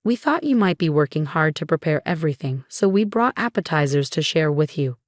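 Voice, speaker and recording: A woman reading the lines of a caring older mother-in-law in a gentle, apologetic way. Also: low-pitched, animated, brisk, no room sound, studio quality. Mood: kindly.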